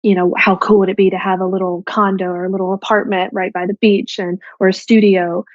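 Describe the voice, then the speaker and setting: A woman's voice: medium pitch, little pitch movement, fairly quick, dry recording. A woman in her thirties talks candidly as a podcast guest, with many fillers as she explains. Her mic sounds dull and lo-fi. The sound is dry and close. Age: 30s. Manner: chatty, filler-heavy retelling. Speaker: guest, one half of a couple.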